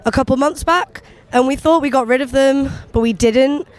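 English woman on the street sounding a bit fed up, kinda high voice. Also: moderate pace. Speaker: interviewee. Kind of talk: casual street interview. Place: outdoors on a city street.

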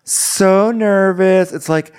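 A man putting on a high falsetto voice to play a giddy, nervous young woman reality star who talks in slow, drawn-out gushes. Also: a little mellow, clear, resonant tone.

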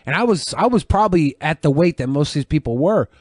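A man's voice: fairly high pitch, expressive, fast, darkish tone, no echo, studio quality. A man co-hosting a podcast, telling rambling, crude stories in casual chat. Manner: rambling storyteller, crude jokes. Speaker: podcast co-host. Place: podcast studio.

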